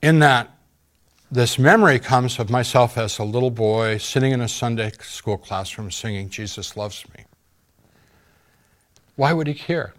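A man giving an earnest, halting personal testimony in an interview, pausing often and using fillers. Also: mid-range voice, a bit bright. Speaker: interview guest.

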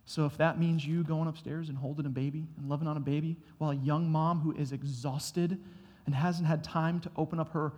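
Man, pastor, sermon, slightly high voice, conversational, acts out quotes, long hall reverb. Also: darkish tone. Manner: conversational preaching with acted-out dialogue. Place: church sanctuary.

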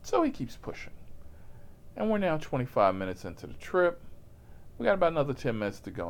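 A man's voice: fairly high pitch, big pitch swings, normal speed. A man telling a profane, comic story about his rideshare job in a casual voice, laughing at himself as he goes.

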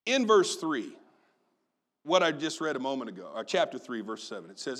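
A man preaching a sermon, telling a personal story with animated storytelling and acting out family members' voices. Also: medium pitch, moderate pace. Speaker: pastor.

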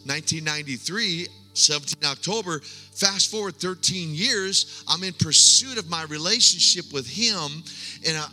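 A middle-aged man preaching a sermon with a personal testimony, speaking earnestly with halting restarts and dropping to hushed tones. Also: a little high. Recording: long hall reverb, faint music.

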